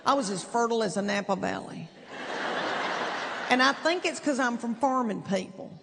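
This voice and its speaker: Her voice on the high side, a middle-aged woman from East Tennessee does stand-up storytelling, chatty and self-deprecating, stretching out her Southern-accented words in a folksy way. It's a large theater with an audience. Long hall reverb, clear crowd ambience, and background noise run through the recording.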